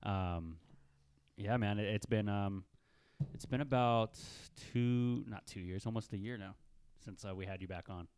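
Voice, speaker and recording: A man hosting a podcast, chatting with a guest in an easygoing, halting way full of fillers. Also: on the low side, darkish tone, smooth. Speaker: podcast host. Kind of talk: casual interview chat. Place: small room, mics close.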